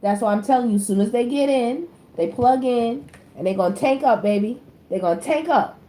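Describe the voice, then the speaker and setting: A woman giving a casual tarot reading. She talks to her viewers directly in slangy speech, jumping from loud exclamations to low muttered asides. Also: fairly quick. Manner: slangy, addresses the audience directly. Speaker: tarot reader. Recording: echoey room with faint background noise.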